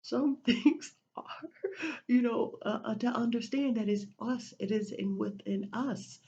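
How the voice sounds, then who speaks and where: Woman preaching spiritual self-help, mellow voice, kinda muffled lo-fi audio, repeats herself a lot. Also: fairly high pitch, a little slow. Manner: repetitive, preachy, many restarts. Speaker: motivational speaker. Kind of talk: spiritual pep talk.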